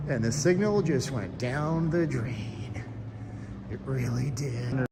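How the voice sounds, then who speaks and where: A man's voice: mid-range voice, lively intonation, slow pace, creaky, noisy background. A man live-streaming a walking tour of a shopping mall, rambling along with joking asides. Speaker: vlogger. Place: inside a large shopping mall. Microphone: phone held while walking.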